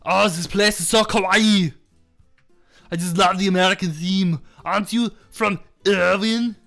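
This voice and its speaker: A man's voice: sits high, fairly even intonation, unhurried, gravelly, fairly bright tone, soft background music, full character voice. A man putting on a giddy German-accented tank girl. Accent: put-on German. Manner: giddy, gushing, laughing.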